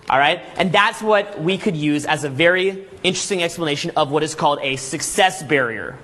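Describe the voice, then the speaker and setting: A man giving a live seminar lecture to a room of people, energetic and full of rhetorical questions and "okay?" checks, acting out scenes as he tells them. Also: a little high, a little fast, few pauses. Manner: acts out scenes with vivid storytelling. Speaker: seminar speaker.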